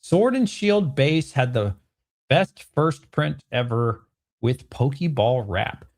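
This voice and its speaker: A man with an animated, bantering manner, hosting a casual livestream Q&A from home and answering chat comments. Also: mid-range voice, slow. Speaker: host.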